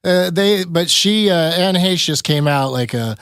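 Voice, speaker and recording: A man with a somewhat high voice tells stories in a wry, joking way, laughing often. He speaks in casual chat. The sound is dry and close, with no room echo. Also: expressive, unhurried, a bit bright, smooth. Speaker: podcast host.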